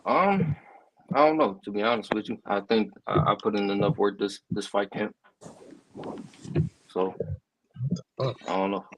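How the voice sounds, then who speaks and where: Low-voiced, hesitant young fighter. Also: male voice, measured pace, long pauses, slight background noise, rough recording. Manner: hesitant, low-key, understated. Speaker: amateur fighter guest. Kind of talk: casual interview answers.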